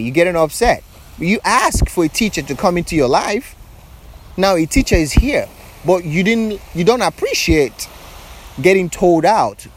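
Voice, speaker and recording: Man, spiritual monologue, slightly higher voice, rhetorical questions, beach, faint boat hum behind. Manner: repetitive rhetorical questions, earnest and preachy. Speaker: spiritual speaker. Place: outdoors on a beach.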